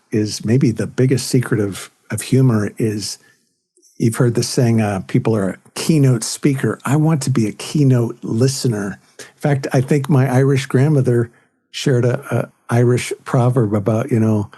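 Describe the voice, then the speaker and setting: Warm and husky, his mid-range voice carries the anecdotes of a California-born comedian and author. As a guest on a podcast interview, he tells jokes, slipping into quoted voices along the way.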